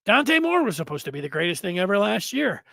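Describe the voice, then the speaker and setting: A man hosting a sports show, talking through his opinions in a rambling, animated monologue full of self-corrections. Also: high voice, brisk, creaky, no room sound. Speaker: sports podcast host. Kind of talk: casual sports commentary monologue.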